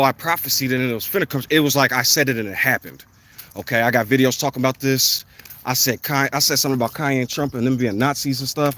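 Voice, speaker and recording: A man vlogging in a casual, animated monologue, swearing freely and acting out quoted exchanges as he tells his story. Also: a little high, slight background noise.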